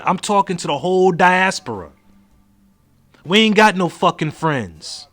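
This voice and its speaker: A man's voice: sits high, fairly bright tone. A man hosting his own podcast in a blunt, profane solo monologue full of rhetorical questions. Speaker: podcast host.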